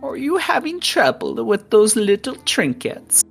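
A woman's voice: fairly high pitch, very animated, measured pace, creaky, husky, soft background music, voice pushed up, heavily acted. A woman voicing a sly, sickly sweet old hag granny who calls everyone dearie. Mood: sugary scheming.

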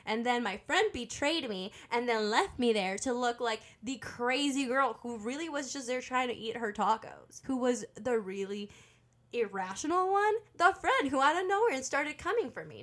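Young woman co-host, expressive, slightly higher bright voice. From Mexican heritage. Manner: laughs often, expressive storyteller. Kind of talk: casual storytelling chat.

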